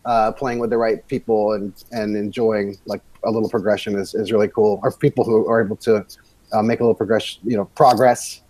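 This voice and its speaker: A man's voice: lowish voice, steady tone, brisk, a little mellow, no echo, low-quality recording. A man co-hosting a podcast, chatting casually in a rambling, meandering way. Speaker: podcast co-host. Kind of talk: casual chat.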